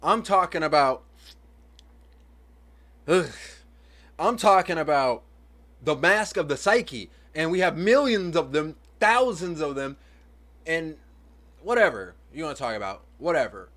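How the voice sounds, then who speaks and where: A man's voice: fairly high pitch, lively intonation, unhurried, pauses often, a bit bright. A man who is a parent, talking to camera in a casual, rambling monologue that philosophizes and repeats itself. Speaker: vlogger and parent.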